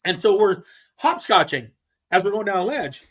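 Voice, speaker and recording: A middle-aged man from California, a podcast guest telling a fishing story in a casual, animated way with frequent restarts. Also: sits high, normal speed. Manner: animated, acts out others' lines, frequent restarts. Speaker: podcast guest, pro angler.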